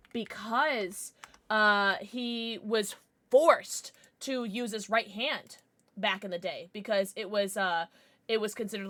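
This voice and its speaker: Young woman streamer, bright and forceful, dry close mic, passionate and profane chat-reader. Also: mid-range voice, dry recording. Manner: passionate, swearing, reacting to chat. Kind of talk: casual chat with live chat.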